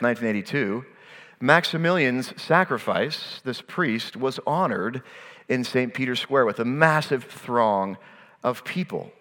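A man preaching a sermon, earnest, slowing down to stress key phrases and letting his voice fall at the ends of lines. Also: medium pitch, pushed and bright, big-room sound. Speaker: pastor.

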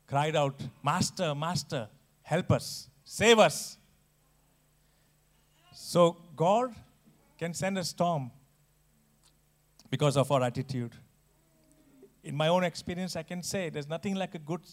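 A man preaching a sermon, earnest and emphatic, with restarts and dramatic pauses. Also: on the high side.

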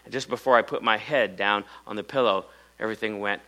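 A middle-aged male preacher from Iowa with a lowish, strikingly bright and forceful voice. He tells his story in a dramatic sermon style. Loud pushes alternate with hushed low passages, and a faint hum sits behind him. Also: quick pace, poor audio.

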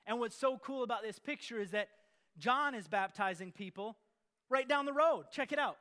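A man preaching a sermon in an energetic, playful way, with sarcastic asides. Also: very high-pitched, moderate pace.

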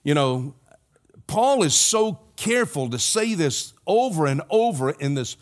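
A man's voice: fairly high pitch, big pitch swings, unhurried. Older man preaching with earnest repetition. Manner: earnest, repetitive preaching cadence with folksy asides. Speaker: pastor. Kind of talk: sermon.

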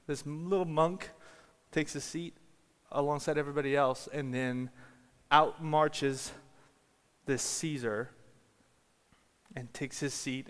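A man preaching a sermon, telling a story and building to shouted peaks. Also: medium pitch, smooth. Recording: long reverb of a large hall.

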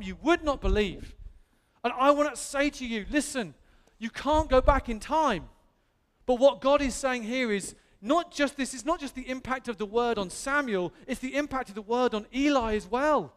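Englishman, earnest emphatic preacher, high voice, long church reverb. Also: normal speed, a bit bright, smooth. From England. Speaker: pastor. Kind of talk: sermon. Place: church hall.

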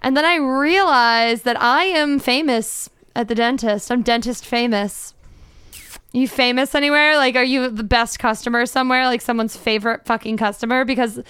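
A woman's voice: a little high, normal speed, a bit bright, smooth, no echo. A young adult woman co-hosting a podcast in casual, playful, self-mocking chat. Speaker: podcast co-host.

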